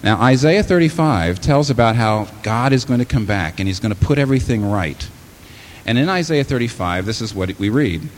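A man preaching a sermon in a church hall, animated and often taking on the voices of the people he quotes. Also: medium pitch, normal speed. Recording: long hall reverb, faint room ambience.

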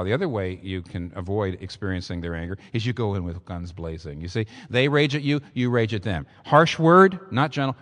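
A man preaching a sermon in an impassioned, emphatic way, piling up repeated phrases. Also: mid-range voice. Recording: long hall reverb.

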